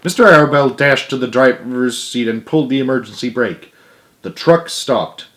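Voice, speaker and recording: Man storyteller, relaxed children's-book read-aloud. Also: mid-range voice, normal speed. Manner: relaxed, with asides.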